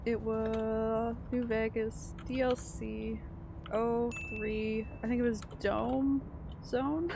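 A woman's voice: a little high, flat delivery, slow pace, creaky, background noise. A woman streaming a video game, chatting casually, laughing often and answering her chat. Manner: chatty, giggly, reads chat aloud.

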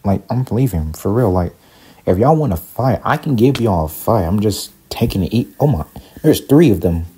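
A young man giving casual, excitable commentary while playing a block-building game, often panicking and talking to his viewers. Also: fairly low pitch, normal speed, slightly rough. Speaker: gaming YouTuber. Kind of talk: casual Minecraft let's play commentary.

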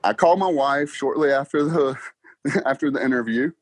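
A young man, a car salesman guest telling his story in a casual interview, excited and quick to laugh. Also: medium pitch. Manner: excited, laughs often, talks fast with "like" and "bro".

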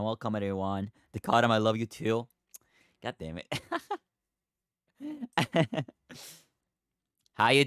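A man's voice: medium pitch, fairly bright tone, smooth, no room sound, clean studio sound. A young man streaming, chatting casually with viewers, thanking them, giggling and swearing now and then.

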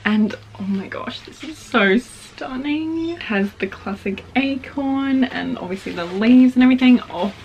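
A woman's voice: high-pitched, expressive, a little slow, hardly any pauses, darkish tone, a little hiss or hum. A young woman filming a book unboxing, gushing and gasping as she shows each item. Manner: gushing, gasps often, repeats "oh my gosh". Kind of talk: excited unboxing chat.

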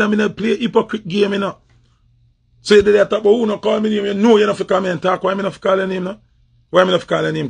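A Jamaican man with a gravelly, husky voice that sits fairly high, ranting in confrontational patois. He repeats his points and hammers them home, pressing them again and again. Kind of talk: heated social media rant.

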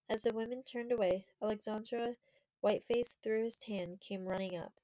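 A woman reading a children's historical novel aloud in a measured, steady way. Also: a little high, dry recording, low-quality recording. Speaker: audiobook reader. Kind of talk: storybook narration.

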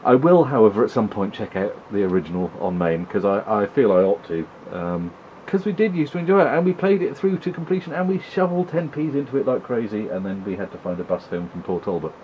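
A man's voice: lowish voice, sing-song, fast, few pauses, lo-fi sound, slight background noise. A man giving wry, chatty commentary while playing an old video game, teasing the characters on screen. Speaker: retro gaming video host. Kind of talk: casual gameplay commentary.

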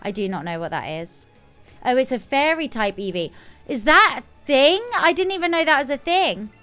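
Bubbly woman streamer, high smooth voice. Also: moderate pace, soft background music. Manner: chatty, with sudden excited squeals. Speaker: game streamer. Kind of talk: casual live gameplay commentary.

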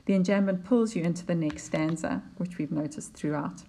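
Lady teacher going through a poem, slightly low voice, kinda slow, lots of ums. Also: mellow. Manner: explanatory, unhurried, with fillers and restarts. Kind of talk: poetry lesson over slides.

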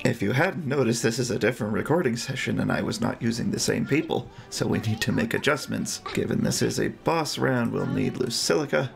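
Gravelly-voiced man commentating on gameplay. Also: medium pitch, fairly quick, hardly any pauses. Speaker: gaming channel host. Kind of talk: gameplay commentary, reading game dialogue aloud.

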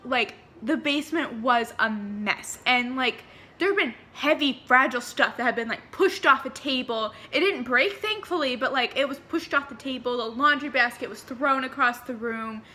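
High, bright young woman rambling a storytime. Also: normal speed. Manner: rambling, chatty, heavy on fillers. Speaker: vlogger. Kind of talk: paranormal storytime.

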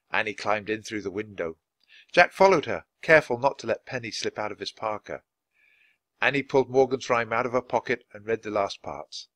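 A man reads a children's story aloud, clear and expressive, his pitch moving freely through the lines. The recording is close and dry, with no room sound. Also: no room sound. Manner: expressive, clear, natural pace. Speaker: storybook reader. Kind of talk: reading a children's book aloud.

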